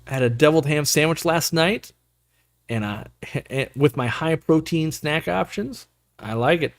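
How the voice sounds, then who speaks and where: A man's voice: fairly high pitch, lively intonation, a little slow, no echo, clean studio sound. A man hosting a casual live stream, chatting loosely and answering the chat with fillers and slang. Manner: rambling, upbeat, lots of fillers and slang.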